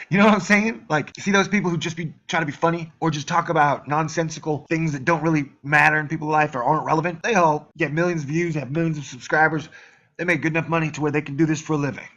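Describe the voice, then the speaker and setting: A man's voice: fairly high pitch, steady tone, quick pace, a bit bright, muffled recording. A man ranting on his own channel, heated and profane, sometimes mocking the voices of his critics. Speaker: YouTube channel host. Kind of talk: angry solo rant to camera.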